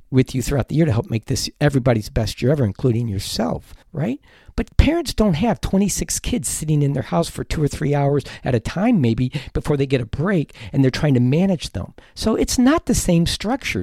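A man's voice: medium pitch, dark tone, dry recording, studio quality. A man, a teacher hosting an advice podcast, talking earnestly and emphatically, at times heated.

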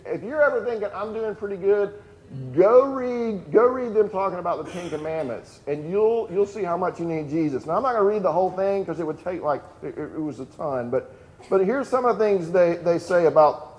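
A pastor giving a conversational sermon, reading lists aloud and breaking off into casual asides. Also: male voice, on the high side, a little mellow. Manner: reads lists of items aloud with emphasis.

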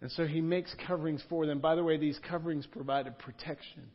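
Conversational preacher, fairly high voice. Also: male voice, fairly even intonation, brisk. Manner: conversational, with emphatic repetition. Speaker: pastor. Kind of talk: sermon. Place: church room. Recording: dull lo-fi sound.

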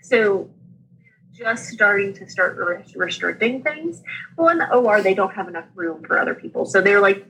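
A woman in her thirties recounts her experience as a guest, chatting casually with bursts of laughter and playful impressions of the people in her story. Her voice sits at a middle pitch. A faint hiss of noise lies under the recording. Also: moderate pace, low-quality recording. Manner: animated, laughs often, acts out quoted people. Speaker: podcast guest sharing her birth story.

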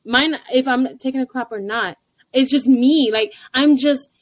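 Young mom co-host, high-pitched and lively, blunt casual talker, dry mic. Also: female voice, unhurried, no room sound. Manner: animated, laughs often, blunt. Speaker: podcast co-host, stay-at-home mom. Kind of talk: casual chat.

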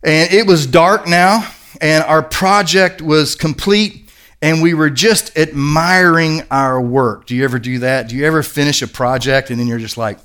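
A man's voice: a little high, normal speed, a bit bright. A middle-aged male pastor preaching a sermon in an earnest, conversational storytelling manner.

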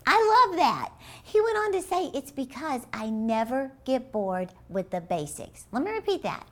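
A woman giving an animated Christian motivational talk, telling stories with emphasis and repeating key phrases. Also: a little high, a little slow, hardly any pauses. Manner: lively, expressive, storytelling with emphasis. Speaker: Christian inspirational speaker.

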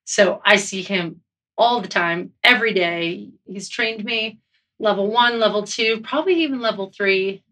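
A woman, a snowboard instructor, telling lively, laughing anecdotes about a coworker in an interview. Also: medium pitch, unhurried, far from the mic. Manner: animated, laughing storyteller.

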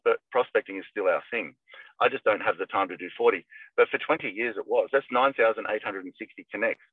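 A man's voice: on the low side, dry recording. A middle-aged man, a real estate agent, talking casually and energetically, acting out phone calls as he coaches. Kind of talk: casual podcast talk. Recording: tinny phone-like line, dry.

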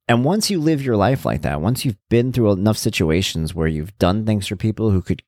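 A man's voice: on the low side, animated, normal speed, darkish tone, dry recording, clean studio sound. A middle-aged man hosting a podcast, talking candidly and reflectively in a casual monologue. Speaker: podcast host.

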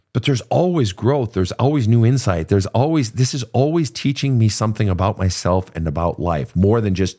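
An older man with a lowish voice hosts an advice show, and his pitch swings widely as he talks. He speaks casually and swears freely, slipping into quick acted quotes from clients as he makes his points. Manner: animated, profane, storytelling with acted quotes. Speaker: podcast host and therapist.

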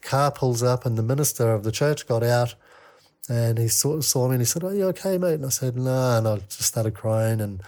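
A man telling a candid personal story as a podcast guest, halting with many fillers and restarts. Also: medium pitch, steady tone, darkish tone.

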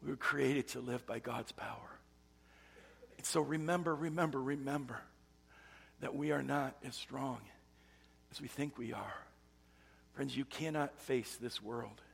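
A man preaching a sermon as pastor, telling a story and shifting between loud emphatic bursts and hushed, near-whispered lines. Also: mid-range voice, gravelly, breathy edge, big-room sound. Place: church sanctuary.

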